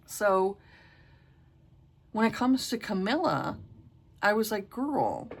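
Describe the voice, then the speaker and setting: Speaking slowly in a medium-pitched, gravelly voice, this middle-aged book reviewer chats casually about books. She's blunt, exasperated and habitually profane.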